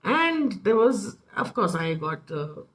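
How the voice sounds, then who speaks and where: A woman in her thirties with an Indian English accent, giving an informal parenting talk full of personal anecdotes. She tells her stories in an animated way and acts out what family members said. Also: medium pitch, slow pace, low-quality recording. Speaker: parenting speaker.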